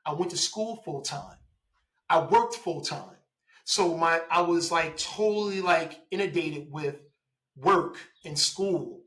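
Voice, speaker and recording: A man in his forties, a police officer telling his story in a casual interview, lively, laughing and acting out quoted dialogue. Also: a little high, takes it slowly, poor audio.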